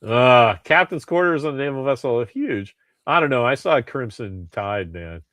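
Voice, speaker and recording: With medium pitch, lively intonation and a slightly bright tone, this podcast co-host talks at normal speed on a dry recording. He rambles through casual chat, restarting often and swearing.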